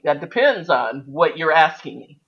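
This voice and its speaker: A woman co-hosting a casual chat, reacting with quick teasing remarks. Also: deep voice, sing-song, a bit bright, slightly rough, lo-fi sound. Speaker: podcast co-host.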